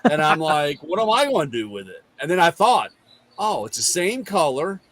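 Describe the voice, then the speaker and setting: A man's voice: a little high, normal speed. Middle-aged man telling a garage story. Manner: rambling, animated retelling with quoted dialogue. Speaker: host. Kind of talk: casual storytelling chat.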